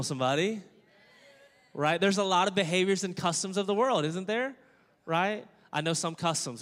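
A man preaching a sermon as pastor, energetic and joking, calling on the congregation to respond. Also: high voice. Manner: jokey, playful asides. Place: church sanctuary. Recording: long church-hall reverb.

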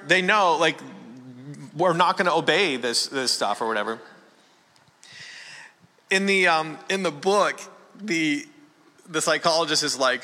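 A man's voice: a little high, bright, forceful tone, a little hiss or hum. A man from a small town in Canada doing a stand-up comedy set, rambling and conversational, often asking the room questions. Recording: long hall reverb.

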